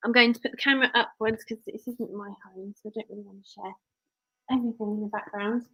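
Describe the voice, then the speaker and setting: Her husky, medium-pitched voice stays steady and quick as she hosts a laid-back live stream. The English-accented work-from-home mum chats and rambles warmly, addressing viewers and her child at the same time. The recording is dry and muffled.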